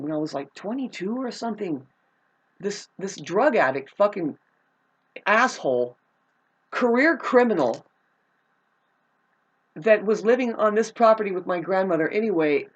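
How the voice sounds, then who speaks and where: A woman telling a personal grievance in a casual, rambling monologue, agitated and profane, with frequent restarts. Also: mid-range voice.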